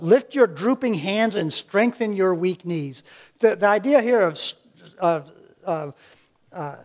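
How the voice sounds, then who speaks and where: A man preaching a sermon as pastor, earnest and conversational, often restarting words and acting out little quotes. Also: high-pitched.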